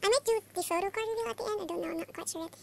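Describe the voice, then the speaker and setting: A young woman from the Philippines chatting through a fan unboxing, gushing and excitable, with constant exclamations. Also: extremely high pitch, racing, vocal fry. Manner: gushing, excitable, many oh-my-gods. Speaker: vlogger. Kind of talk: casual unboxing chat. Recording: faint background noise.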